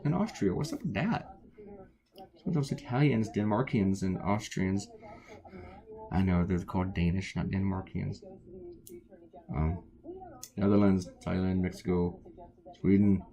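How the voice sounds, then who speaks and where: Tired cartoonist, male, low gravelly voice, rambles casually while drawing. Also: a little mellow. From United States. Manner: rambling, wandering off topic.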